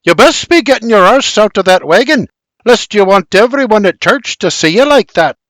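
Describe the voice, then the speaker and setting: A man's voice: high voice, animated, moderate pace, no room sound, pitched above the performer's own voice. A man doing a scolding wife hollering. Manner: loud, scolding. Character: scolding colonial wife hollering at her husband.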